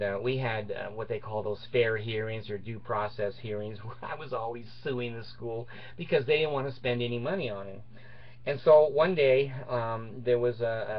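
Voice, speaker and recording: A middle-aged man spins a personal anecdote in a loose, chatty way, swearing freely and chuckling at his own lines. His voice sits at an ordinary pitch for a man. The recording sounds dull and lo-fi. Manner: laughs through his story, crude and boastful. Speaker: storyteller.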